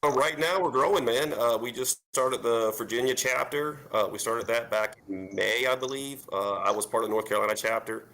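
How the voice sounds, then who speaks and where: A man's voice: mid-range voice, brisk, hardly any pauses, fairly bright tone. A man, a paintball team captain, talking casually on a video-call panel in a rambling way with lots of fillers.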